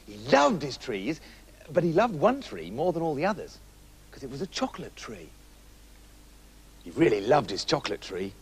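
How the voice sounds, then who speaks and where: A man narrating a comic fairy tale in a playful, animated way with jokey asides. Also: fairly high pitch, husky, rough recording. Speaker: storyteller.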